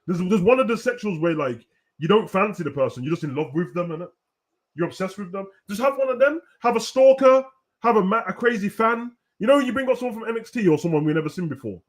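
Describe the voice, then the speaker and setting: Young guy ranting, fairly high voice, slangy and loud at times. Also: fast. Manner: animated, slangy, rising to shouts. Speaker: host. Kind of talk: casual ranting commentary.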